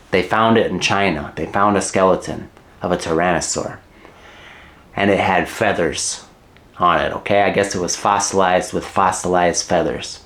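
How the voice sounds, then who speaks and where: A middle-aged man gives a relaxed English lesson, his voice sitting on the lower side. He talks slowly and deliberately, repeating key words and slipping in jokey asides. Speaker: English teacher.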